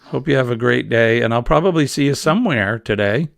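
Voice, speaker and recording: A man's voice: medium pitch, animated, fairly quick, vocal fry, dry recording, clean studio sound. A middle-aged man hosting a casual morning chat show, rambling and jokey. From New England. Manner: rambling, jokey, easily amused. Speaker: host.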